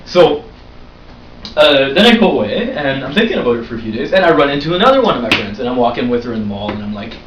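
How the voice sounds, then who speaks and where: This vlog host is a young man whose mid-range voice moves at a quick pace as he rambles through a story, animated and heavy on fillers. The sound is dull and roomy, recorded at a distance, with slight background noise.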